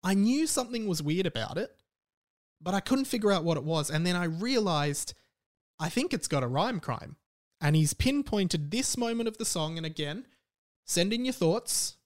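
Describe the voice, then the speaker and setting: A man's voice: high voice, lively intonation, moderate pace. An Australian man hosting a podcast, chatting casually in a rambling, wry way and often correcting himself mid-sentence. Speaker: podcast host.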